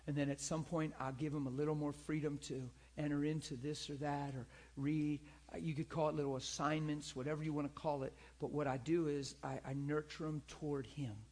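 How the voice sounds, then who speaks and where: A pastor and teacher delivers conversational church teaching, speaking fairly quickly with hardly any pauses. Animated and earnest, he acts out people in high, pleading voices, repeats himself, and asks listeners to agree.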